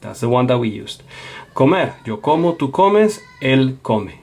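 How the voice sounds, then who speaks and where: A man's voice: mid-range voice, big pitch swings, measured pace, a little mellow. A man teaching a Spanish lesson, explaining patiently and checking in with a frequent "okay?". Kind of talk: classroom lecture.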